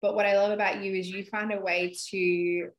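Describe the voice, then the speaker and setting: A woman's voice: mid-range voice, level tone, normal speed, rough recording. A woman in her thirties hosting a podcast, talking candidly and emotionally in casual chat, swearing freely. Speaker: podcast host.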